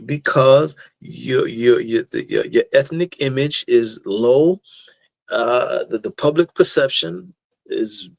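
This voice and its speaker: A man's voice: medium pitch, slow pace, creaky, no room sound, low-quality recording. A man on a podcast as a guest, chatting animatedly with stammering restarts and mocking impressions. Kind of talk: casual chat.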